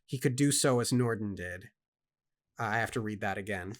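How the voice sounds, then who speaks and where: A man's voice: lowish voice, normal speed. A man co-hosting a casual book club, reading aloud and reacting emphatically, stammering when he is worked up.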